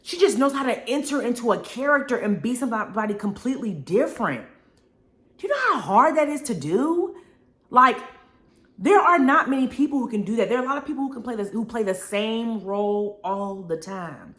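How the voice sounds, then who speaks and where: A woman's voice: on the high side, lively intonation, normal speed, fairly bright tone. A young adult woman hosting a casual live radio show, talking expressively, laughing often and drawling words like honey and y'all. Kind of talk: casual live-stream chat reading viewer comments. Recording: roomy echo.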